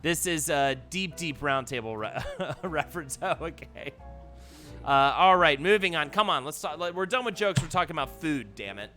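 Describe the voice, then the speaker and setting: A man's voice: on the high side, lively intonation, normal speed, bright, forceful tone, faint music behind. A man hosting a live stream, reading listener jokes aloud and laughing often. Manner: playful joke-telling, laughs often. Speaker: host.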